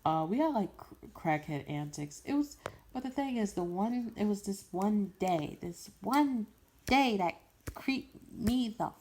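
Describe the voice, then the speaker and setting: A woman's voice: medium pitch, expressive, unhurried, a little mellow, slight background noise. A young woman from Brooklyn, telling a rambling casual story full of slang, repetitions and little laughs. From Brooklyn, New York. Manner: rambling, repeats herself, frequent laughs and slang. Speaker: voice impression creator.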